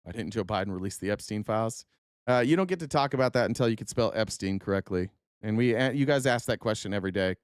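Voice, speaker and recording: A man's voice: lowish voice, animated, fast, clean tone, dry recording, studio quality. A man from Utah hosting a casual political livestream, reading viewers' chat comments aloud and answering them with sarcasm. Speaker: livestream host.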